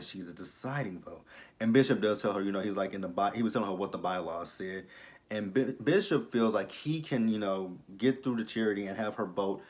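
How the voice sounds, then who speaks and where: Sassy low-voiced man recapping a show. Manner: sassy, blunt, profane; animated, jumps between loud outbursts and low asides. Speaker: TV episode reviewer. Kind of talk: casual recap commentary.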